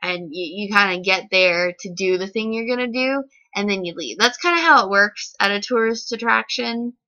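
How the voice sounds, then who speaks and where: A woman's voice: fairly high pitch, unhurried, pushed and bright. A woman vlogger telling a story in a casual, indignant, rambling way, full of "like". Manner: indignant and rambling, heavy use of "like". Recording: slightly dull lo-fi recording.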